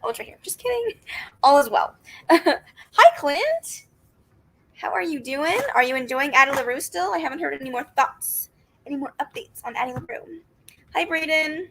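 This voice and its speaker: Bubbly high-voiced woman chatting on a livestream. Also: animated, brisk, vocal fry, pushed and bright, a little hiss or hum, rough recording. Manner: chatty, greets viewers and reads their comments aloud; upbeat with frequent laughs and squeals. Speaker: book livestream host. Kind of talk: casual live-stream chat.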